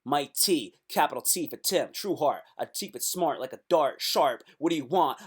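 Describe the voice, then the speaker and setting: A man's voice: fairly high pitch, lively intonation, normal speed, few pauses, breathy edge. Guy live streaming, rambling jokes, cusses a lot, slips into goofy freestyle rap. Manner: jokey, rambling, swears, breaks into freestyle rap.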